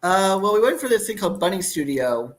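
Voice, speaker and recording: High-voiced and fairly quick, this thirty-something man swings widely in pitch. He's a campaign creator appearing as a guest in a casual chat about his project, wandering off and starting sentences over.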